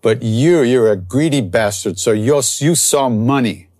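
A man's voice: medium pitch, expressive, measured pace, a little mellow, no echo, studio quality. A man voicing an old male holy man who teases his devotees. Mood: teasing. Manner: teasing, then tearful.

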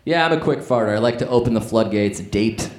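A man's voice: medium pitch, fairly quick. A man co-hosting a comedy podcast before a live audience, playful and laughing often. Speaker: podcast co-host. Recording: echoey live room, crowd noise.

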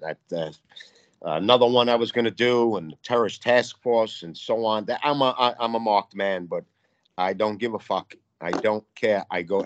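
A man's voice: fairly low pitch, dry recording, highs cut off. A man from New York, a guest artist, talking in a casual interview in a profane, fired-up, rambling way.

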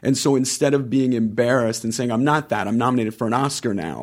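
A man in his forties telling stories in a casual podcast chat, acting out quoted lines with raised pitch and laughter. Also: fairly quick, few pauses. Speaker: podcast guest, actor.

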